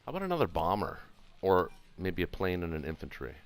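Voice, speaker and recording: A man chatting casually while playing a strategy board game, muttering counts and thinking his moves through out loud. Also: low-pitched, sing-song, quick pace. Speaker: co-host and player. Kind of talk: casual gameplay chat.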